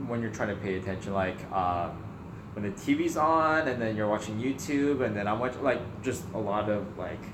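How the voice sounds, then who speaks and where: A man co-hosting a casual Q&A vlog, easygoing and soft-spoken. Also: fairly low pitch, normal speed, reverberant, noisy background. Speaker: co-host. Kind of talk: casual Q&A chat.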